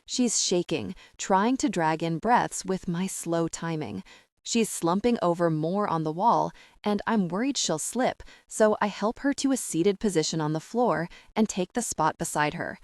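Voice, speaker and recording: Young woman, first-person audiobook narrator, calm and expressive, lowish voice, dry read. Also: normal speed, no echo. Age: young adult. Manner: steady, calm, expressive reading.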